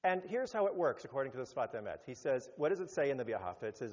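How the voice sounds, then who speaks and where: A rabbi giving a sermon, animated, rising to emphatic peaks and then dropping low. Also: male voice, fast talker, hardly any pauses. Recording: muffled sound with long hall reverb.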